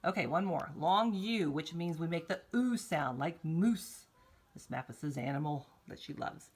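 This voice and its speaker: A woman teaching kindergartners phonics, slowly drawing out vowel sounds in an encouraging, sing-song way and speaking straight to the children. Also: low-pitched, lively intonation, slightly rough. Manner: encouraging, talks directly to children. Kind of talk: recorded morning meeting lesson for young children.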